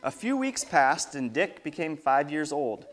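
Lively man reading to kids. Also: on the high side, a little slow. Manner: lively, asks the kids questions. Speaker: children's storyteller. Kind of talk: reading a story to children.

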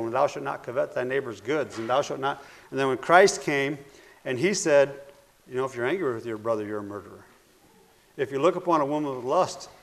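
Gravelly preacher, earnest. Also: male voice, a little high. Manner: earnest, repeats phrases, swings between loud and hushed. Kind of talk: sermon.

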